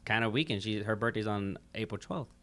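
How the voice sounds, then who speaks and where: A man with a lowish voice hosting a relaxed podcast chat. He stumbles and restarts his sentences often. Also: a little fast. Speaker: podcast host.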